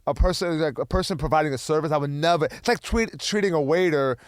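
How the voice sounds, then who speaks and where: A man who works as a personal trainer, co-hosting a casual podcast and telling stories with animated voices for his clients. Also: a little high, quick pace, clean tone, dry recording, clean studio sound. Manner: animated storyteller, imitates clients.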